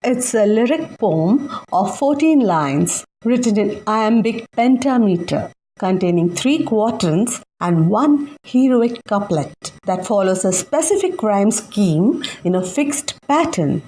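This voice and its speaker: A young woman teacher explaining a literature lesson for exams, slowly and carefully. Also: mid-range voice, sing-song, dark tone, slight background noise, rough recording. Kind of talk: exam-focused literature lesson.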